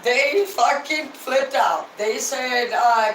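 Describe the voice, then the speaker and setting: A woman's voice: medium pitch, normal speed, a little hiss or hum. A tipsy woman chatting casually to viewers on a livestream, rambling, gushing and swearing freely. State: tipsy from drinking. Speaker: livestream host. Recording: roomy, distant mic, faint ambience.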